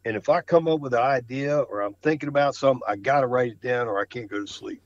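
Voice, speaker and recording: A man's voice: medium pitch, quick pace, no echo, highs cut off. A man talking about his flooring work on a podcast, enthusiastic and full of stammered restarts. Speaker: flooring contractor guest. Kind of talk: casual podcast conversation.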